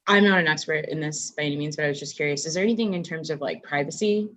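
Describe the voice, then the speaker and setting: A woman on a video call poses a question in a tentative, hedging way, sprinkling in "like" as she goes. Her voice sits low for a woman. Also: fast, fairly bright tone. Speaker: panelist asking a question. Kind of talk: casual question in Q&A.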